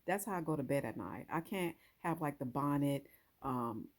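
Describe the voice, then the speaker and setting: A woman's voice: deep voice, lively intonation, normal speed. A woman hosting a casual how-to vlog, chatting straight to her viewers while she works with her hands. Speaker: hair vlogger.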